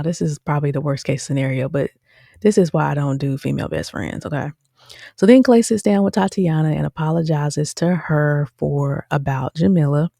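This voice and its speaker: A woman hosts a show review as casual commentary, chatting animatedly to her viewers, calling them "y'all" and often saying "um" and "okay?". Her voice is low and gravelly, with a dry, clean studio recording.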